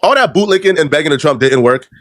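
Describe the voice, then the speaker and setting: A man rattles off slang-heavy, mocking commentary at a rapid clip, his voice sitting slightly high. The close mic leaves it dry, with no room sound at all. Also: expressive, no echo. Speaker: commentary video host.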